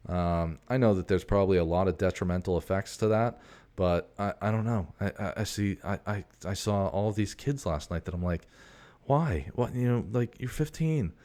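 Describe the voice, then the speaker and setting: A man's voice: low voice, fairly quick, darkish tone. A man in his forties hosting a casual, rambling monologue, a profane storyteller who keeps drifting off on tangents. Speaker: host.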